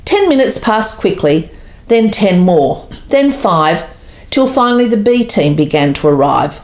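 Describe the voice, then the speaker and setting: A woman's voice: measured pace, roomy sound. A woman reading her own rhyming Christmas poem aloud, putting voices on the quoted characters. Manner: lively, voices quoted characters with raised pitch.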